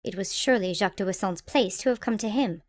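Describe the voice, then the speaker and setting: A woman narrating an audiobook in a calm, even, measured way. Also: medium pitch.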